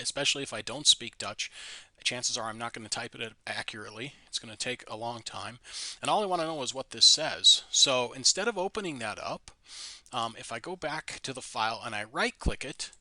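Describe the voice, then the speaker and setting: A man presenting a screen-recorded software tutorial, explaining in an easygoing, plain way with small restarts. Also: mid-range voice, no room sound.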